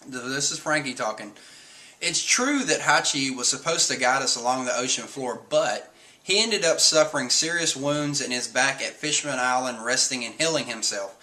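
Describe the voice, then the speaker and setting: This streamer goes over a manga chapter at a moderate pace, his bright, forceful voice sitting at a middling pitch. The recap is casual and meandering, heavy on filler words, and he frequently voices the characters' lines himself.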